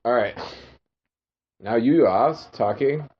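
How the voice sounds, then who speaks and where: A man's voice: mid-range voice, slow, slight background noise. A man co-hosting a podcast in casual chat, reading a game aloud and making dry wisecracks. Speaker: podcast co-host. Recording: dull lo-fi podcast audio with faint music.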